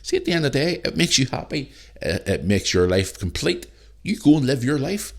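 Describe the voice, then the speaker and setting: A man's voice: medium pitch, sing-song, fairly quick, creaky. A man hosting his own podcast, ranting heatedly and swearing, with lots of repeated phrases. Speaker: podcast host. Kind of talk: solo podcast rant.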